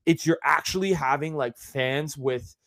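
A man's voice: fairly high pitch, unhurried, bright, forceful tone. A man hosting a podcast in a casual, rambling monologue full of fillers and asides. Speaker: podcast host.

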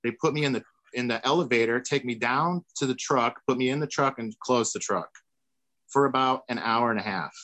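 This man, once a tour manager, has a medium-pitched voice that sounds pushed and bright as he talks fairly quickly. Over a video call with poor audio and no room sound, he spins a long, rambling story and acts out the voices of the people in it.

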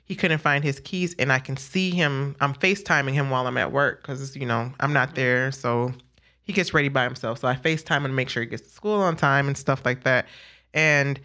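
A woman, a mother, talking casually and telling animated stories, acting out what her kids say. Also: a bass voice, brisk. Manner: animated storyteller, laughs often, acts out her son's words. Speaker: guest, mother. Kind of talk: casual conversation.

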